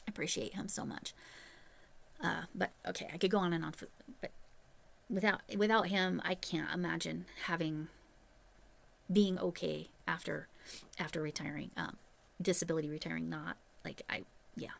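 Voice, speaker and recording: A middle-aged woman chats straight to her viewers in a casual vlog, candid and conversational. Her voice sits low, with a gravelly, creaky texture. She talks the way a retired teacher talks to friends. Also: steady tone, normal speed. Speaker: retired teacher turned crochet YouTuber. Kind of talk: casual vlog chat to camera.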